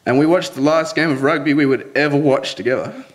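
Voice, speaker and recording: A man's voice: a little high, brisk. A young man telling a personal story to an audience in an earnest way, often breaking into nervous laughs.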